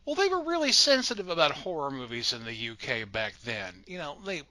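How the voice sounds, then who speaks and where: Guy cohosting a horror movie podcast, kinda high voice, sarcastic and swears a lot. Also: fairly quick, crowd noise, poor audio. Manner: animated, sarcastic, swears casually. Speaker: podcast co-host. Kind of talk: casual movie-review chat.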